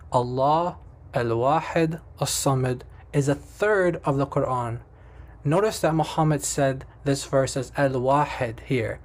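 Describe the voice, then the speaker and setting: A man with a somewhat high voice delivers scripted narration over on-screen visuals. He moves methodically from detail to detail, as if pointing at the screen, and presses pointed rhetorical questions to the viewer. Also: a little mellow. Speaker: presenter explaining on-screen text.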